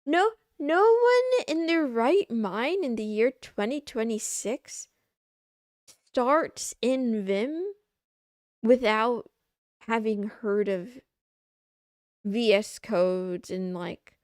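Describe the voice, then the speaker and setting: A woman's voice: a little high, lively intonation, very slow, long pauses, a little mellow, no room sound, clean studio sound. A woman streamer chatting casually on a live stream, answering her chat in a sarcastic, playful way.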